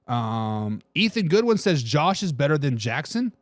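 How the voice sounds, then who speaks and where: A man with a high, lively voice hosts a casual sports talk livestream, answering chat comments with bursts of excitement and casual swearing. The sound is close and dry, with no room around it. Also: unhurried, dry recording. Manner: animated, excitable, repeats lines.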